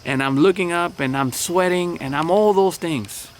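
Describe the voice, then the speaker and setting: A man speaking as a pastor in a relaxed, chatty devotional talk with many fillers. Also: fairly high pitch, normal speed, slight background noise.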